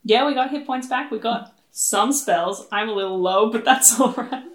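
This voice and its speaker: A woman playing a tabletop game, joking, cursing and laughing loudly. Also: fairly high pitch, moderate pace, echoey room. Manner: swearing, laughing, loud outbursts. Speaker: player. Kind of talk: casual play banter.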